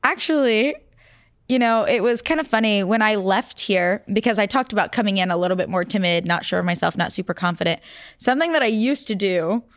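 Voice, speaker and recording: A young adult woman, a guest in a casual interview, telling stories in an animated way and laughing often. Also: medium pitch, fairly quick, no echo, studio quality.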